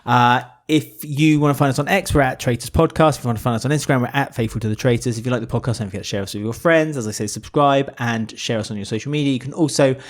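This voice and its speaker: A man's voice: medium pitch, quick pace, few pauses. A man from the UK co-hosting a casual podcast, chatting and reading out listener messages and plugs. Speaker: podcast co-host.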